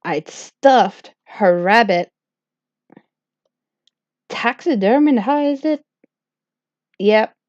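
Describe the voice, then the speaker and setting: Woman storyteller, slow-paced, rambling and self-deprecating, dull lo-fi dry recording. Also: medium pitch, a little mellow, no room sound. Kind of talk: comic first-person storytelling.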